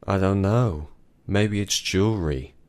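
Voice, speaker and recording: A man voicing a frantic, pleading wife. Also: slow pace. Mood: puzzled. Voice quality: low voice pushed higher for a woman. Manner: pleading, then shouting. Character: distraught adult woman confronting her husband.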